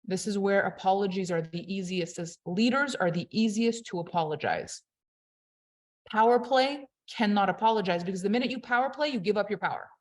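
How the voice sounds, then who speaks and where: A woman coaching on leadership in an emphatic, conversational motivational talk, swinging between loud and quiet. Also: medium pitch, a little fast.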